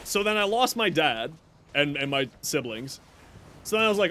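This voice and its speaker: A man's voice: fairly high pitch, big pitch swings, moderate pace, pushed and bright, a little hiss or hum. A male streamer giving casual gameplay commentary, a chatty storyteller who laughs often, talking into a desk mic.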